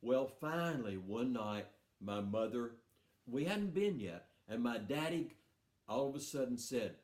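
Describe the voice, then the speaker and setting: A man spinning a folksy, playful tale for a young audience, his voice leaping up and down with lively expression. His words carry through a roomy, reverberant hall. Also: mid-range voice, measured pace. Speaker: storyteller. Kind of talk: live storytelling for schoolchildren. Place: festival stage.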